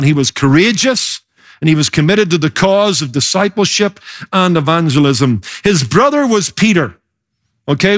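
A man preaching a sermon as pastor, emphatic, slowing down and speeding up to stress his points. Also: sits high. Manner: emphatic preaching with varied pace.

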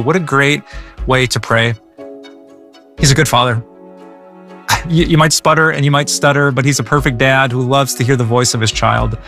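A man's voice: mid-range voice, fairly even intonation, moderate pace, long pauses, sharp tone, soft background music. A male pastor teaching about prayer in an earnest, conversational way, often stammering and repeating words. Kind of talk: devotional teaching.

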